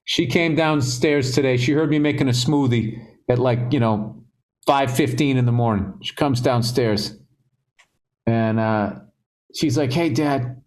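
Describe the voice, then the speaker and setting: A man co-hosting a casual comedy podcast, profane and rambling, with sudden excited bursts. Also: mid-range voice, measured pace. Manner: profane, ranting, rambling asides; loose and jokey, with bursts of excited speech. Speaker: comedian co-host.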